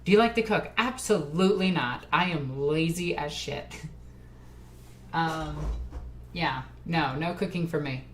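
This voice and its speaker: A woman's voice: deep voice, a little slow, slight background noise. A tipsy woman streamer chatting casually with her live chat, rambling and laughing often.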